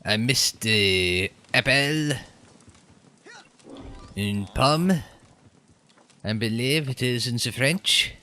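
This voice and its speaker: A man's voice: mid-range voice, very slow, long pauses, pushed and bright. A young man giving casual, joking let's-play commentary, sarcastic and rambling. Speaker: game commentator.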